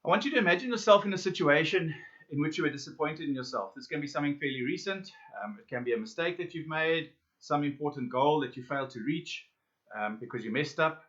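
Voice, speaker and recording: A man leading a self-help workshop, speaking straight to his listeners with questions and pauses. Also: fairly high pitch, expressive, fairly bright tone. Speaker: workshop facilitator. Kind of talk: guided self-help lesson. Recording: dull lo-fi audio.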